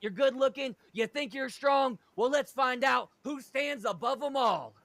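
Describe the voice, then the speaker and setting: A man's voice: very high-pitched, measured pace, a bit bright, dry recording, voice pushed up, full character voice. A man voicing a cocky, muscle-bound wrestler cutting a boastful promo.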